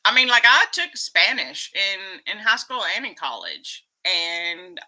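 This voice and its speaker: Chatty Texan woman streamer, very bright voice, laughs easily. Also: mid-range voice, big pitch swings, low-quality recording. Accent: Texas Southern. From Texas, US. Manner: chatty, giggly, quick to laugh. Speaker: vlogger reading live chat. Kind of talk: casual live-stream chat.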